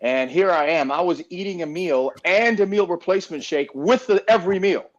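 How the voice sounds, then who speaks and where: High-voiced, profane man on a dull line. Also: fairly quick. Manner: profane, animated storytelling. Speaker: guest. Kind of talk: casual podcast chat.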